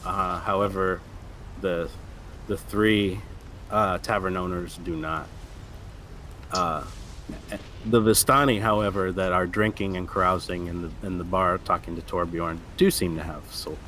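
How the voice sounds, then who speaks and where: A man running a tabletop game as game master, narrating in a halting way full of restarts. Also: sits low, steady tone, bright, forceful tone, a little hiss or hum.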